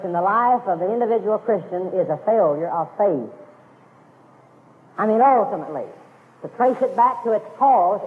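High-voiced preacher on tinny radio. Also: male voice. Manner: emphatic, repeats key phrases. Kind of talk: sermon. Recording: phone-like lo-fi radio broadcast with long reverb.

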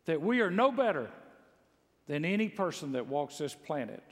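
A man from Mississippi, preaching a sermon in a folksy storytelling way, full of humor and rising to loud exclaims. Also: on the high side, big pitch swings, normal speed. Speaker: pastor. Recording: long echo of a large hall.

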